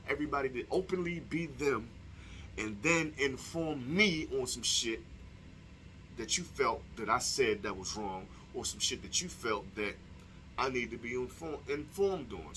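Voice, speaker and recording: A man's voice: medium pitch, lively intonation, moderate pace, sharp tone, a little hiss or hum. A young man delivering a heated, profane opinion monologue to his viewers, firing off rhetorical questions. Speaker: vlogger. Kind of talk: casual opinion monologue to camera.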